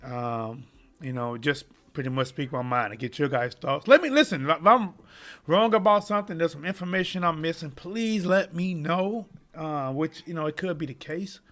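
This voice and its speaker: A man's voice: a little high, moderate pace, a bit bright. A man hosting a live sports commentary stream, talking straight to his viewers in a heated, impassioned way. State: choking up. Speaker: sports commentary channel host.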